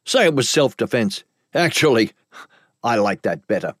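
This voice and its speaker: A cunning criminal boss, voiced by a man narrating a storybook, gruff and threatening. The reading is lively in pitch and recorded dry and close. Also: moderate pace, no echo. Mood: menacing.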